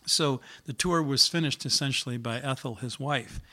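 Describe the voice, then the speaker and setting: A middle-aged singer-songwriter with a mid-range, pushed and bright voice speaks at a moderate pace. He earnestly and reflectively tells how he came to write a song, using fillers along the way.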